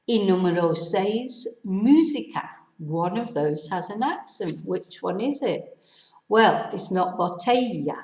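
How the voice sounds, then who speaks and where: A woman teaching a casual video lesson, a little hoarse with laryngitis, spelling words out letter by letter and adding chatty asides. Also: fairly low pitch, darkish tone, reverberant, low-quality recording. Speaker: Spanish teacher.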